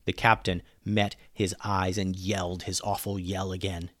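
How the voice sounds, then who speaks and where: A man reading a children's adventure story aloud, lively, dropping low and quiet on the narration tags. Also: normal speed, no room sound, studio quality.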